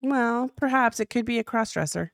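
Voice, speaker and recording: A woman's voice: a little high, normal speed, vocal fry, no room sound, studio quality. A woman co-hosting a casual podcast, blunt and opinionated, reading out chat comments. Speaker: podcast co-host.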